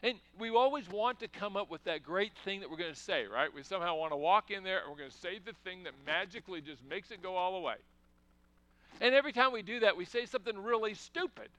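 A man's voice: sits high, lively intonation, fast, sharp tone. A man preaching a sermon in a conversational way, asking the congregation questions and breaking into emphatic bursts. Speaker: pastor.

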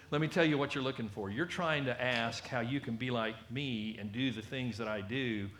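A preacher voicing a calm earnest teacher. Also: male voice, medium pitch, normal speed, echoey room, a little hiss or hum, close to an everyday voice.

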